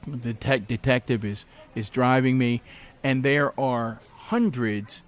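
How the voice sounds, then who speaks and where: A middle-aged man as a podcast guest, telling animated anecdotes with frequent laughs in a cafe interview. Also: mid-range voice, unhurried. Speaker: podcast guest, former county executive. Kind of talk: casual interview storytelling.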